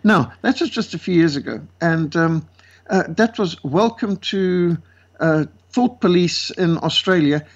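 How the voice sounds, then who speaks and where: A man from South Africa with a South African accent, a guest speaker telling lively stories and acting out the voices of the people in them. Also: on the high side, measured pace. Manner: lively, acts out quoted voices. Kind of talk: animated storytelling. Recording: dull lo-fi sound.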